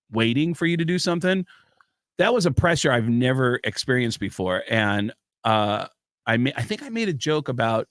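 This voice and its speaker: Animated, swearing storyteller man. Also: mid-range voice, no echo, studio quality. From Tucson, Arizona, USA. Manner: animated storyteller, slips into voices, swears freely. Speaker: comedian, podcast guest. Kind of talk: casual storytelling chat.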